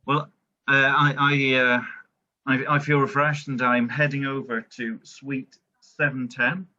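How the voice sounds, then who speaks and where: A man's voice: medium pitch, level tone, a little slow, sharp tone, highs cut off. A man playing a tabletop game, stammering as he plays a suave British agent in character. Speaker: player.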